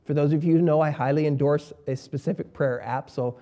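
A man preaching a sermon as pastor, emphatic, repeating key words and swinging between quiet and loud. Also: a little high, fairly even intonation, brisk.

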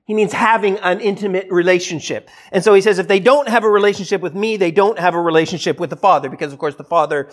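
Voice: mid-range voice, fast, few pauses. Conversational preacher in mid-sermon. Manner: conversational, rhetorical questions, acts out voices of listeners.

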